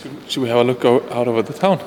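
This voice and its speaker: A man asking gentle, hesitant questions as an interviewer. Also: mid-range voice, quick pace, in a large hall, noisy background.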